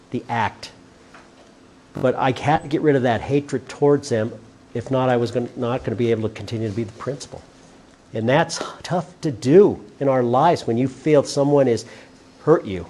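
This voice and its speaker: A middle-aged former school principal, his voice mid-range with a darkish tone, visits a class as a guest speaker. He tells personal stories earnestly, often quoting other people.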